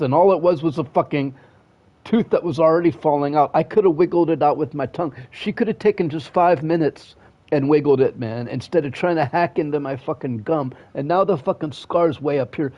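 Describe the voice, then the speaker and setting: In a muffled recording, a man with a somewhat high, darkish voice streams a video game and chats casually. He sounds aggrieved and restless, cursing nonstop and dropping sentences halfway before restarting.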